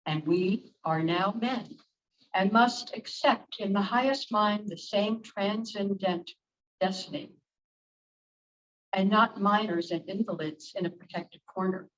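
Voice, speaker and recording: A woman reading a text aloud to a group, careful and deliberate, now and then stumbling over a word. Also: fairly low pitch. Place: church meeting room. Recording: distant, dull room recording with faint noise.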